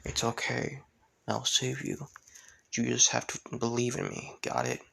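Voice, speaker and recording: A man voicing a calm, protective young male hero in a spoken fan story, talking softly and hesitantly. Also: mid-range voice, a little slow. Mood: reassuring.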